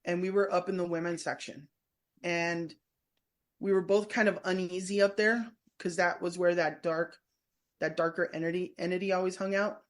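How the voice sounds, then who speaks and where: Steady in tone and moderate in pace, a woman with a fairly low voice is interviewed casually on a podcast. The former prison staffer and tour guide tells her stories chattily, drifting around and beginning sentences again and again.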